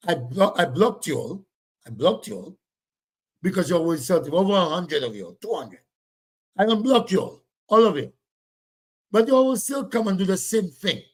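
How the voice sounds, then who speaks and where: A man hosting a casual livestream, reading viewer comments and scolding them in a loud, blunt, repetitive way. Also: high voice, very animated, normal speed, breathy edge.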